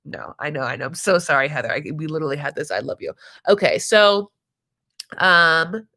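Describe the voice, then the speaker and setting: A woman hosts a live stream recapping reality TV, offering casual commentary in a chatty, giggly way, leaning on fillers and calling people honey and my love. Her voice sits low and sounds pushed and bright, at a normal speed.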